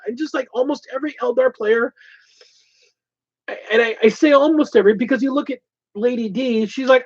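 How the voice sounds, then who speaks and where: A man hosting a casual hobby chat show, talking in an animated, ranting way. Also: very high voice, normal speed. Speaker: host. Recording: dull lo-fi sound.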